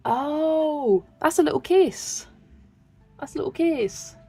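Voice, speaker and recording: High-pitched yet dark-toned, with vocal fry, this young Wiltshire woman speaks slowly and expressively in a light West Country accent. Hosting her colouring channel's casual livestream, she chats, laughs often, and reads comments aloud as she colours.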